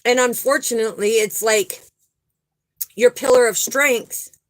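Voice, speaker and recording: A spiritual card reader speaks directly to the viewer in an earnest, soothing psychic reading, repeating key words for emphasis. Her voice is on the high side and a little slow. The low-quality recording has no echo.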